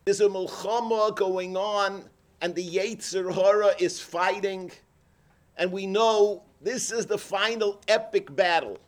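Animated high-voiced man giving a sermon. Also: slow pace. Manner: animated storyteller, acts out characters, cries out. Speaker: rabbi. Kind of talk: sermon with storytelling.

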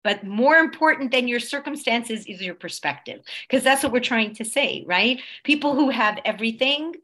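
Woman, religious class teacher, conversational, expressive swings in loudness, keeps checking in with listeners. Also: normal speed. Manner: expressive, swings between loud emphasis and soft low tones.

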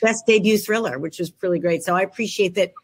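A woman's voice: mid-range voice, fast, slightly rough. Joking Philly woman author. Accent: Philadelphia. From Philadelphia. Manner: jokey, animated storyteller, talks to herself. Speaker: author guest. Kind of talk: casual video chat.

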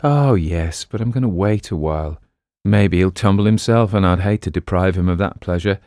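A man voicing a quick-witted, self-assured male bookseller and amateur sleuth with a breezy manner. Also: deep voice, a little mellow, no echo, clean studio sound.

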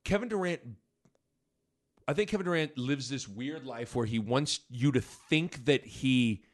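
A man's voice: mid-range voice, a little slow. A man co-hosting a casual sports podcast, rambling through his points with lots of fillers and restarts.

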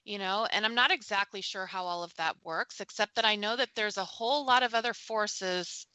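A woman's voice: medium pitch, normal speed, bright, forceful tone, no room sound, low-quality recording. A woman co-hosting a reflective spiritual talk, speaking in an earnest and emphatic way.

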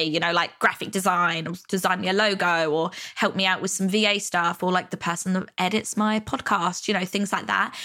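A woman's voice: mid-range voice, a bit bright. A woman hosting a podcast, talking casually about money stress with lots of fillers. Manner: chatty, lots of fillers like "you know" and "like". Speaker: podcast host. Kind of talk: casual self-help podcast monologue.

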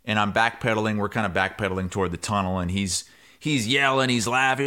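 A man co-hosting a sports podcast, telling a story in casual chat and shouting the quoted lines loudly. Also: fairly low pitch, fast talker. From Iowa. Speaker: podcast co-host.

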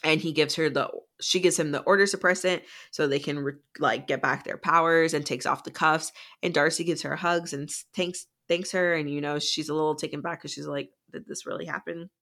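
Low-voiced woman rambling through a recap. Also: fairly even intonation, brisk, few pauses, a bit bright. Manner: rambling retelling full of "like" and "um". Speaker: podcast co-host. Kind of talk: casual book-recap chat.

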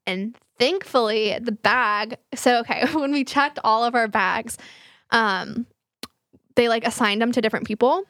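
A young woman with a fairly high voice, chatting casually as a co-host. She tells a story quickly, with "like" in every other breath, laughing and swearing. The sound is close and dry. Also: fairly bright tone, no echo. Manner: fast, filler-heavy, laughing, profane storyteller. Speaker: podcast co-host.

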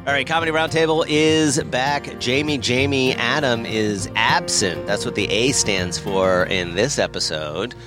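A middle-aged man hosting a podcast interview, casual and a bit halting. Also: medium pitch, over music. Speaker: podcast host. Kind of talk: interview chat.

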